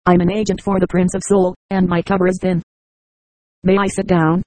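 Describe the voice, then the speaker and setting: A synthetic text-to-speech narrator voicing a nervous teenage boy who works as a secret agent, speaking in a hushed, chatty way. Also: mid-range voice, flat delivery, moderate pace, no echo, close to an everyday voice, rough recording. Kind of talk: audiobook dialogue.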